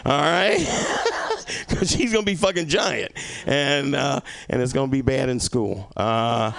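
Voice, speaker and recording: A man's voice: medium pitch, lively intonation, slow pace, creaky, fairly bright tone. A male stand-up comedian doing a rambling, profane set and teasing the audience. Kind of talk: stand-up set with crowd work.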